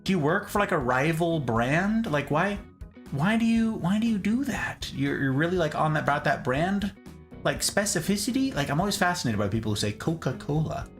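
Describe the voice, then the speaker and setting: A man's voice: fairly high pitch, animated, moderate pace, faint music behind. A man hosting a casual livestream, greeting viewers by name in a playful, theatrical, sing-song way. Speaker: livestream host.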